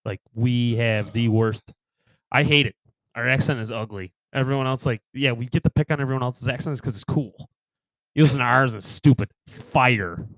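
A man's voice: mid-range voice, a bit bright, dry recording, poor audio. A man with a New York accent co-hosting a podcast, chatting casually, laughing often and swearing freely. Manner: laughs often, swears, quick comic impressions. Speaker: podcast co-host. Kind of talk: casual banter.

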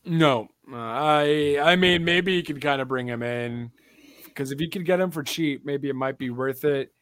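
A man's voice: fairly high pitch, normal speed, fairly bright tone, no room sound. A young man hosting a casual wrestling chat show, rambling with lots of fillers in an upbeat way. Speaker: podcast host.

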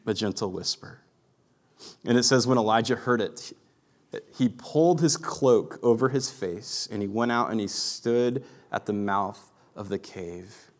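A man in his thirties delivering a sermon in an earnest, reflective way. His pitch sits in an ordinary middle range, and he lets his voice sink to a hush on the quieter thoughts. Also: unhurried. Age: 30s. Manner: earnest, reflective, drops to a hushed voice for quiet moments. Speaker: pastor.

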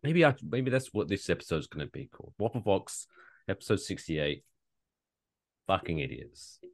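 A man co-hosts a casual comedy podcast, talking with a lively, swooping pitch that rises and falls a lot. He swears freely and rants in mock outrage, playing up his bits. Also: normal speed. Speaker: podcast co-host.

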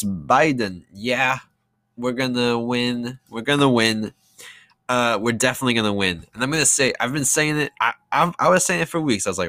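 A man's voice: medium pitch, normal speed, fairly bright tone, dry recording. A young man recording a casual audio diary, rambling and sarcastic, with many fillers and restarts. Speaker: vlogger.

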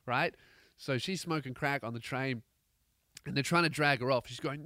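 A man with an Australian accent, a comedian hosting a podcast, telling a profane, rambling story with animated energy. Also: mid-range voice, moderate pace, dry recording, studio quality. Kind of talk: comedic rant.

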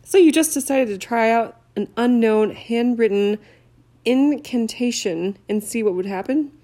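Woman reading a stern disapproving teen witch, audiobook, gravelly. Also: a little high, expressive, fairly quick, warm tone. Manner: stern, reproachful. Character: bossy disapproving teenage schoolgirl witch.

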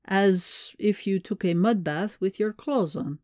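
A woman's voice: mid-range voice, measured pace, a little mellow, dry recording, natural voice. Brief: woman reading a curt male spy, commanding, close and dry. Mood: wry. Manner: terse, clipped commands.

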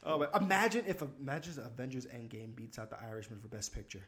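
A man's voice: mid-range voice, animated, fast talker, a bit bright. A man co-hosting a casual movie chat, enthusiastic and joking. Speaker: co-host.

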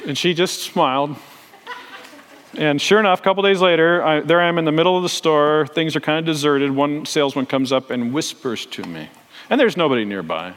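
A man's voice: fairly high pitch, a little fast, fairly bright tone. A middle-aged man, a pastor, telling a story in a sermon and acting out the voices of the people in it. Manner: acts out the voices of the people in his stories. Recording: long reverb in a large hall.

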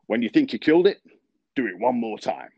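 A man doing an old-school Southern American golf course superintendent with a put-on drawl, giving orders slowly and with emphasis. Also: medium pitch, sing-song, vocal fry, darkish tone, slightly rough, dry recording, pitched above the performer's own voice, full character voice. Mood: gruff orders. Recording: dull lo-fi podcast audio.

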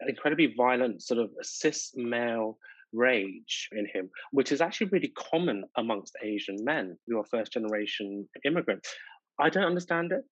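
A man from the United Kingdom, interviewed about his own life, talking in a reflective way and often filling pauses with "sort of" and "you know". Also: mid-range voice, slightly rough, no room sound. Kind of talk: personal storytelling in conversation. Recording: dull lo-fi dry recording.

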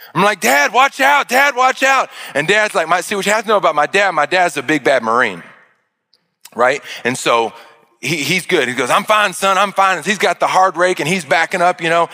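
A man, telling an animated story to an audience and acting out the shouts and panic. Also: high-pitched, in a large hall. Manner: expressive, acts out shouts and panic, jokes with the crowd. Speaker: speaker addressing an audience.

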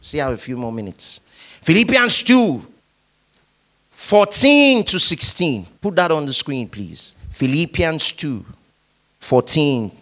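This pastor's voice sits on the high side and moves slowly. He preaches an animated sermon, guiding the congregation to repeat his lines in call-and-response.

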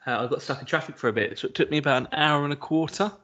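A man's voice: fairly high pitch, rapid-fire, fairly bright tone, highs cut off. A man co-hosting a podcast, talking in casual chat with dry, wry remarks. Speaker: podcast co-host.

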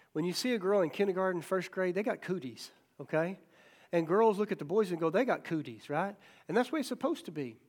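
A middle-aged male pastor giving a folksy, joking sermon, checking in with "okay?" and "right?" and acting out the voices in his stories. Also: high-pitched. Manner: acts out quoted voices in stories.

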